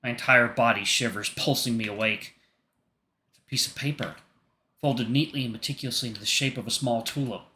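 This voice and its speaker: Brief: male streamer narrating a visual novel, bright and forward tone, playful commentary. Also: medium pitch, a little fast. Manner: playful, jokey asides. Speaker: gaming streamer.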